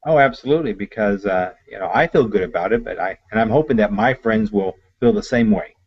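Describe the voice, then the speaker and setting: A man's voice: lowish voice, fairly quick, slightly rough, dull audio. A man taking part in a sales training role-play, giving hesitant, agreeable answers.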